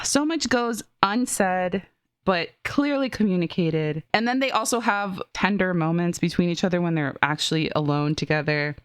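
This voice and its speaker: A woman co-hosting a review podcast, talking in an animated, gushing way that keeps breaking off into laughs. Her voice sits a little low, recorded close and dry with no room sound. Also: dry recording. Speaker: podcast co-host reviewing films and TV. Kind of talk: casual chat.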